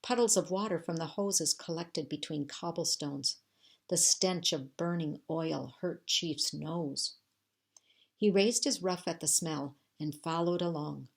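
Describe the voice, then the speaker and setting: A teacher with a notably low voice reads a chapter book aloud to her young pupils. She tells the story in a steady, measured way, pausing between phrases. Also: creaky, slightly rough.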